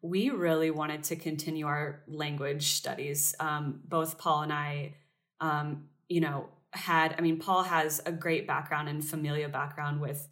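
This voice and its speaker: Deep-voiced young American woman, chatty. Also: fairly even intonation, measured pace, a bit bright. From United States. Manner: chatty, many fillers and restarts. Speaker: interview guest. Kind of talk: casual conversational interview.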